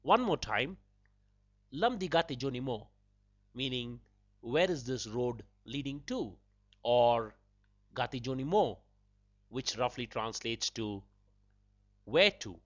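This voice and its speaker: Slow, lively-toned male language teacher. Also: medium pitch, dry recording. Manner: patient, repeats phrases slowly and breaks them into words. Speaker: podcast host teaching a language. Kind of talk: slow spoken language lesson. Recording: dull lo-fi dry recording.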